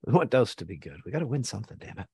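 American man, podcast host, casual sports chat, profane joking, mid-pitched voice, dry close recording. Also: very animated, racing, a little mellow, husky, no echo. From United States.

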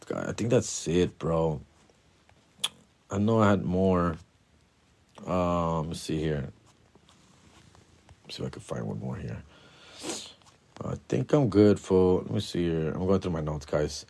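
A man's voice: low-pitched, animated, slow pace, creaky, long pauses, darkish tone. A young man hosting a casual solo podcast. He talks loosely and profanely, full of slang, and mumbles while he searches through his notes. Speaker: podcast host.

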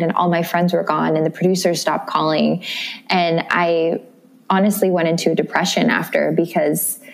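A young woman from the Midwest, a guest in a casual interview, speaking candidly and emotionally with many restarts. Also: lowish voice. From American Midwest.

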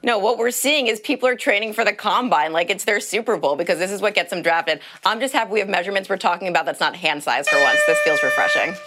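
A woman on a sports debate panel, firing off quick, wry quips. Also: mid-range voice, a bit bright, slight background noise.

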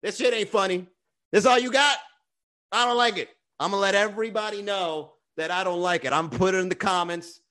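Man doing a shrill, scornful heckler queen. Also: a little fast, pushed and bright. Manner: imperious, profane heckling. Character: haughty woman meme-queen heckler, demanding, scornful.

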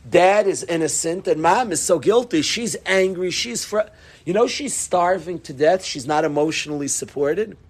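A middle-aged man speaks as a rabbi before an audience, his voice pitched high and somewhat husky. He talks in a lively, conversational way, dropping Yiddish and Hebrew words into his sentences. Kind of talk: Torah talk to an audience.

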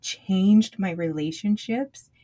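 A woman's voice: mid-range voice, takes it slowly, mellow. A woman co-hosting a podcast, talking in an earnest, reflective way and asking questions. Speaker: podcast co-host. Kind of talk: casual chat.

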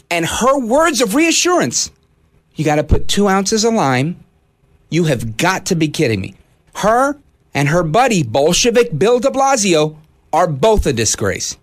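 A man hosting a talk radio show from a studio, delivering an indignant, animated monologue. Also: on the high side.

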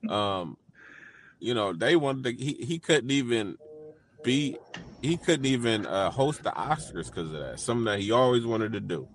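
A man co-hosting a casual podcast chat, thinking aloud in a relaxed way. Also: medium pitch, moderate pace, slight background noise. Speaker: podcast co-host.

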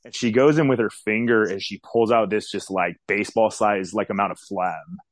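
A man's voice: lowish voice, fairly even intonation, normal speed, no echo. A man in his forties telling a personal story in a casual interview, candid and rambling, with many fillers. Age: 40s.

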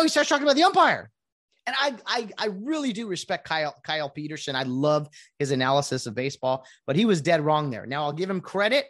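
A woman ranting casually to viewers about sports, rambling with many restarts and asides. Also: fairly low pitch. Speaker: sports commentator.

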